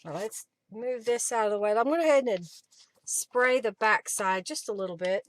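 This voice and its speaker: A woman's voice: fairly high pitch, a little fast, a little hiss or hum. A woman hosting a casual crafting live stream from her home craft room, chatting and thinking aloud as she works.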